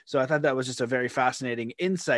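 A man hosting a podcast, talking in an easygoing, rambling way. He drifts into stories and tosses off playful paraphrased quotes. His voice sits at an ordinary pitch and sounds close and dry, with no room echo. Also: racing, a bit bright. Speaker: podcast host. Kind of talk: casual conversational interview.

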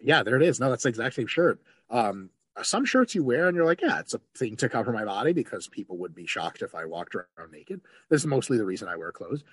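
A man from Russia, a podcast guest, telling stories in a lively, profane way and laughing between lines. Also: mid-range voice, quick pace, slightly rough, no echo, studio quality. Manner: animated storyteller, swears freely, laughs mid-story. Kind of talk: casual podcast chat.

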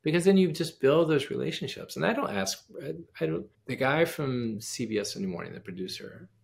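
Man with a gravelly voice telling a lively story. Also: mid-range voice, fairly quick. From United States. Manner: animated storyteller acting out quoted dialogue. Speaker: pianist and composer, guest. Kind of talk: casual interview storytelling.

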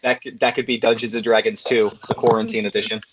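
A man's voice: lowish voice, little pitch movement, background noise. A man with a chesty cough, chatting casually on a group call and rambling with lots of fillers. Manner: rambling, halting with many fillers. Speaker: podcast co-host. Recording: muffled lo-fi call audio.

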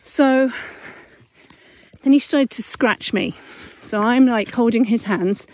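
High-voiced woman musing on a walk. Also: takes it slowly, a little mellow, dry recording. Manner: candid, chatty, self-correcting. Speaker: parenting podcast host and mother. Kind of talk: casual reflective monologue. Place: outdoors, walking up a hill at dusk.

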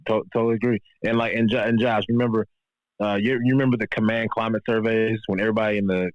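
A man calling in to a sports podcast, speaking haltingly and repeating words. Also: fairly low pitch, flat delivery, dry recording. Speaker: caller. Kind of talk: casual call-in chat. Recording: dull lo-fi call audio.

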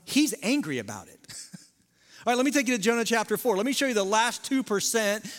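A man preaching a sermon as lead pastor, swinging from loud emphasis to hushed near-whisper, with conversational asides to the congregation. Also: high-pitched, very animated, quick pace. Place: large church sanctuary. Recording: long hall reverb in a large sanctuary.

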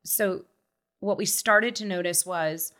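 A woman in her thirties telling a personal story in casual chat, acting out quotes with lively shifts. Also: on the low side, takes it slowly. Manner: animated storyteller who acts out quotes. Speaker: guest, mother.

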